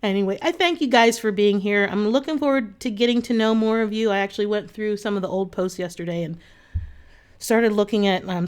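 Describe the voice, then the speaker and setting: A woman's voice: mid-range voice, a little mellow. A woman coach, talking casually and earnestly to her online group, with many fillers and restarts. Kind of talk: casual talk to camera.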